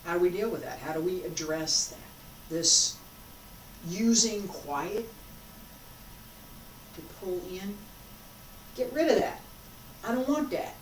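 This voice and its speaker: A woman teaching a qigong class, guiding breath and movement with slow, coaxing, drawn-out phrases and long pauses. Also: lowish voice, lively intonation, slight background noise. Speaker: qigong instructor. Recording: roomy sound from a distant mic.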